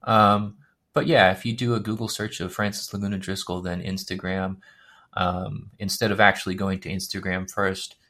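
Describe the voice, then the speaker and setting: A man appearing as a podcast guest who talks in a hesitant, halting way, filling pauses with ums. His voice sits fairly low. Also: level tone, pushed and bright. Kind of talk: casual interview.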